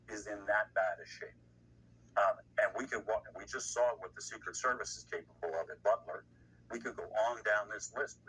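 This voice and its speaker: This male guest commentator has a fairly low, pushed, bright voice with a breathy edge. His political remarks are blunt and indignant, and he rambles with restarts. He's recorded from a distant mic with a little background noise.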